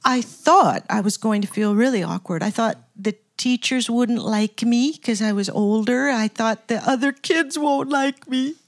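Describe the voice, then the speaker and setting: A woman's voice: on the high side, measured pace, hardly any pauses. An older woman talking in an interview, telling stories in a reflective, chatty way with frequent laughs and restarts. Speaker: guest, record producer turned scientist. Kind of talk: casual interview storytelling.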